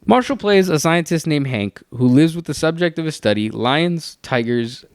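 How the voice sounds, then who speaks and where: A young man giving ranting, sarcastic commentary, animated and full of swearing. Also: mid-range voice, no room sound, studio quality. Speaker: YouTuber.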